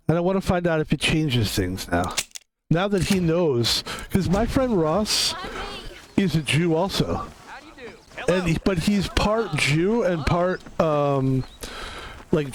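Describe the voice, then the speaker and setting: A young man streaming a video game, chatting casually in an excitable, rambling way and laughing often. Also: on the high side, a little hiss or hum, low-quality recording. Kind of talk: casual live-stream chat.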